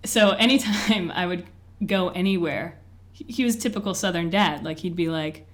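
A young woman tells a personal story in an interview. She talks candidly and chattily, with lots of "like" and "you know". Her voice sits a little low for a woman. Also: normal speed. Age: 20s. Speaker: interview guest.

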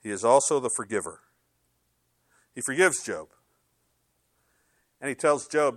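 A middle-aged male pastor preaching a sermon in an animated, conversational way, slipping into sarcastic quoted asides. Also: mid-range voice, measured pace, pauses often, no echo, studio quality.

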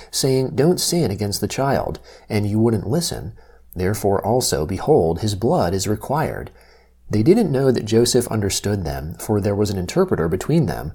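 Husky, low-voiced man reading scripture. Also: warm tone. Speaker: scripture reader.

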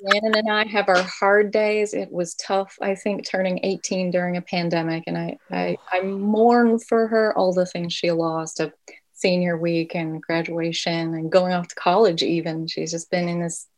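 A woman's voice: on the low side, steady tone, moderate pace, low-quality recording. A woman in her forties, an author speaking as a podcast guest, thoughtful and self-deprecating. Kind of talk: podcast interview.

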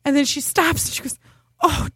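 A woman's voice: sits high, moderate pace. A young woman co-hosting a podcast, telling a story in a casual, dramatic way and laughing often. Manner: animated, dramatic, laughs often, acts out quotes.

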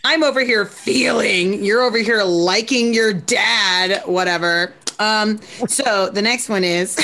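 Animated laughing woman telling stories. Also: mid-range voice. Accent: American. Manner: animated, laughing, quick asides, reads quotes aloud in a put-on voice. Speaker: podcast co-host. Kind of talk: casual comedic chat.

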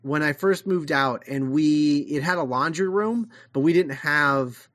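A podcast co-host in casual chat, excitable and laughing, who talks in fits and starts. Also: mid-range voice, unhurried, dry recording.

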